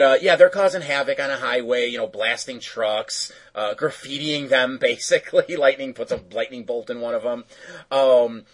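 A man recaps a cartoon episode in loose, chatty talk, full of fillers and restarts. His voice sits at an ordinary pitch with a husky, breathy edge. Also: poor audio. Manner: rambling, filler-heavy, self-correcting.

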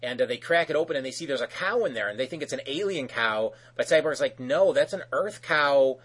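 Husky, rambling male podcast host. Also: mid-range voice, expressive, fast talker, a bit bright. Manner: rambling, full of fillers. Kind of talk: casual episode recap.

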